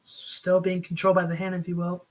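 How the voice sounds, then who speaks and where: A man's voice: high voice, completely flat delivery, a little fast, rough recording. A man giving a casual spoken review, rambling with frequent ums and likes. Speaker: video reviewer.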